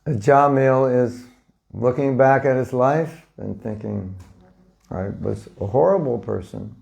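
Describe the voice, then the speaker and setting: The audio is dull, and the man's medium-pitched voice is gravelly with a darkish tone, delivered at a slow pace. He is a spiritual teacher in an informal lecture to a live audience, keeping it conversational with frequent questions and little acted scenes.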